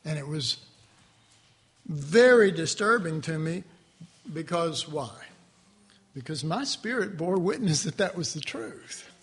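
A man teaching a Bible class in a conversational, animated sermon style, with asides to his listeners. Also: a little high, takes it slowly, pauses often.

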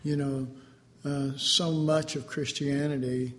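A man giving an informal sermon, rambling and hesitant with many fillers, now and then acting out lively quotes. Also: mid-range voice, slow. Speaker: preacher.

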